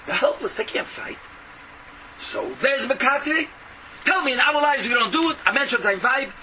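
A man delivers a fervent, scolding sermon full of rhetorical questions. His voice sits very high and swings widely. He is heard from a distance on a noisy recording. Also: lively intonation, normal speed, lo-fi sound. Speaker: preacher. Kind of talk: impassioned sermon.

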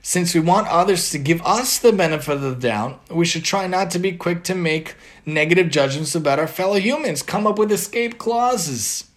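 A man's voice: high voice, lively intonation, normal speed, hardly any pauses. A man earnestly giving a religious moral lesson and reading a story aloud. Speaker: religious teacher.

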